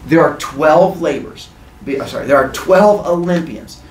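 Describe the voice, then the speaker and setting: A man hosting a podcast and telling a comic story in an animated, playful way. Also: a little high, moderate pace, slight background noise. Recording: roomy echo.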